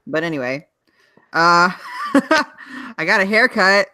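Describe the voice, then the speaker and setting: A young man co-hosting a podcast, chatting casually, wry and quick to laugh. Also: sits high, very animated, sharp tone, no room sound. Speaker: podcast co-host. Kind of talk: casual chat.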